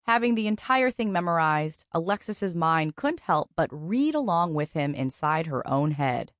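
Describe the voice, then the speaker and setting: A woman narrating a contemporary romance audiobook in an even, measured storytelling manner. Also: low voice, dry recording, studio quality. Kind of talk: scripted narration.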